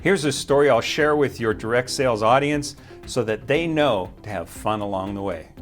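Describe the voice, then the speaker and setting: A man's voice: medium pitch, normal speed. A man speaking straight to the camera with short, punchy motivational points. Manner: crisp, punchy short statements. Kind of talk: direct-to-camera motivational talk. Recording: faint music underneath.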